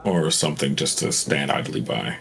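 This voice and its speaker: A man's voice: rumbling low, moderate pace, gravelly, fairly bright tone. A man playing a tabletop game, thinking aloud in casual chat. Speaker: player.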